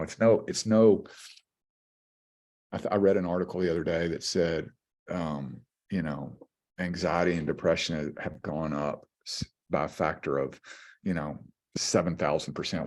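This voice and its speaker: A man in his forties, a former pitcher and coach, talking earnestly and at length as a guest in a casual conversation, with many restarts. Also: normal speed, darkish tone. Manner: earnest, heartfelt, rambling with restarts.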